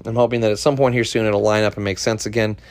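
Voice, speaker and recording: A man's voice: on the low side, little pitch movement, quick pace, darkish tone, dry recording. A man hosting a solo podcast, ranting in an irritated, profane way. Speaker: podcast host.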